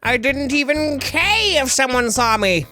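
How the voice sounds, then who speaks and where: A man voicing Skeletor, a skull-faced male cartoon villain sorcerer, reading in a flat, hammy way. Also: very high voice, measured pace, faint music behind, pitched above the performer's own voice, full character voice. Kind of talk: comedic reading of fan fiction.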